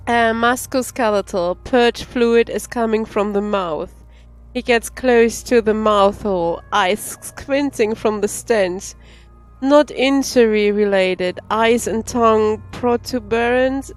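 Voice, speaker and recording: A woman streamer reading the game's text aloud, slow and careful, with laughing asides. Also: medium pitch. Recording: faint game music behind.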